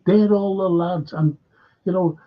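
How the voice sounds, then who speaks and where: A man with a Liverpool accent hosts a casual live stream and reads out viewer comments as he goes. His voice sits a little high and sounds husky, and he talks slowly. The recording is dull and lo-fi. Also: steady tone. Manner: chatty, reading out viewer comments. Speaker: fan channel host.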